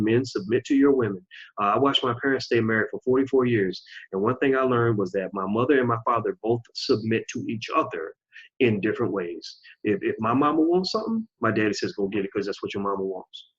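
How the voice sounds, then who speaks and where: A man's voice: medium pitch, husky. A man in his forties hosting his own channel, delivering an emphatic, preachy opinion monologue and repeating phrases for stress. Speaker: channel host. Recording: dull lo-fi recording.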